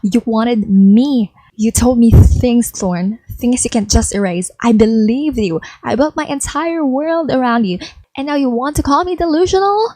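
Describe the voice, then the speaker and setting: A woman's voice: a little high, measured pace, mellow, dry recording, poor audio. A woman voicing a scheming, jealous young woman who rants theatrically in a dry, close recording. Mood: intense. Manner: theatrical, ranting, emotional.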